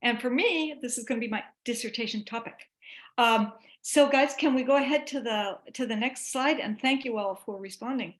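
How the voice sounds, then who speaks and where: A woman giving a chatty online talk to teachers, animated and given to restarts. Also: a little high, normal speed, echoey room, a little hiss or hum. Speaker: presenter.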